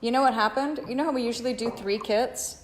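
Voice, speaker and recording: A woman co-hosting a sales show, reading viewer comments and pitching products with frequent laughter. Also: fast, roomy sound, slight background noise. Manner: giggly, laughs often, upbeat pitch. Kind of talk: casual chat and sales pitch.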